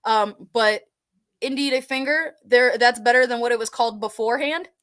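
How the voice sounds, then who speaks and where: A woman's voice: a little high, normal speed, a bit bright. A woman guest, a haunt actor and burlesque performer, telling stories in casual chat, giggly and rambling, swearing freely.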